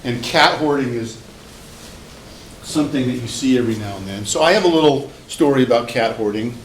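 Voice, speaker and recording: A man's voice: mid-range voice, fairly quick, a little hiss or hum, rough recording. A man, a professor, lecturing to a class and telling a rambling personal story with many fillers and restarts. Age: older. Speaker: psychology professor.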